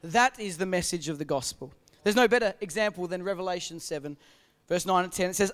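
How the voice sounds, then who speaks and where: A man's voice: high voice, fairly quick, a bit bright. A man from Australia with an Australian accent, preaching a sermon as pastor and putting emphatic rhetorical questions to his congregation in a church hall. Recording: long reverb of a large hall.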